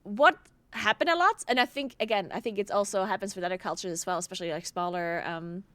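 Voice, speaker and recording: A young woman from South Tyrol, whose first language is a German dialect, chats casually on a live stream while gaming. Her medium-pitched, fairly bright voice moves quickly in a dry recording, packed with "like" fillers, swearing and frequent laughter.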